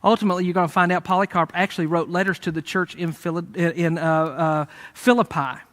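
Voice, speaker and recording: A man preaching a sermon, retelling a story in a lively, conversational way with fillers. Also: on the high side, a little fast. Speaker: pastor.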